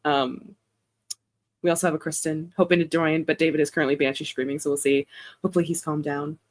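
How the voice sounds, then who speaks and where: A woman's voice: deep voice, fairly even intonation, quick pace. A young woman hosting a casual chat stream, rambling in a chatty way and laughing often. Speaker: author and livestream host.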